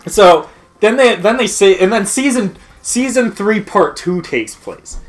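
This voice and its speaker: A man's voice: high-pitched, expressive, a little slow. A man mid-rant over a game video, talking casually and swearing constantly. He keeps laughing at his own jabs. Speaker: let's play commentator. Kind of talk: casual ranting commentary.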